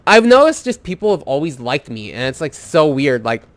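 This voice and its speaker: Rambling young man, slightly high voice. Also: sing-song, moderate pace, dry recording. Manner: rambling, swears a lot, heavy use of "like". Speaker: gaming video host. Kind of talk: casual storytelling over gameplay.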